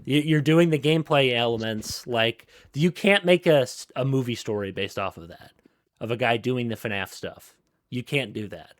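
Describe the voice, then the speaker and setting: A man in a casual gaming podcast chat, his voice sitting at an ordinary middle pitch. He rambles, piling up fillers and restarting his sentences. The recording is close and dry, with no room sound. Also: moderate pace, no room sound. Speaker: podcast co-host.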